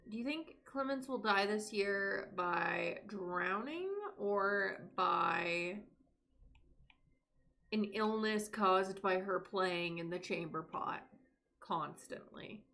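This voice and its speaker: A woman's voice: on the low side, bright, forceful tone. A young woman streaming a life-sim game, chatting casually to her characters and to her viewers. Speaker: live streamer. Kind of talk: casual gameplay commentary.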